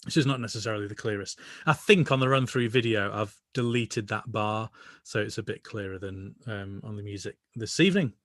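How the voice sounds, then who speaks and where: A man with a British accent leading an online choir rehearsal, singing each part and then gently explaining it. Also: lowish voice, brisk, dry recording, clean studio sound. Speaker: choir director. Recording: voice over loud music playback.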